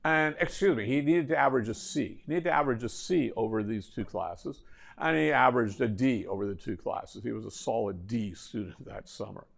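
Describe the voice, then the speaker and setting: A man's voice: medium pitch, brisk, gravelly. A middle-aged man, a university professor, giving a classroom lecture with anecdotes and wry joking asides.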